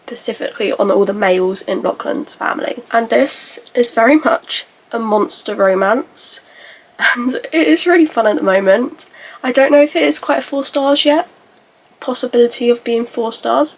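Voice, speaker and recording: Chatty gravelly-voiced woman book vlogger. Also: fairly high pitch, poor audio. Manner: rambling, self-correcting, chatty. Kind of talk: casual chat.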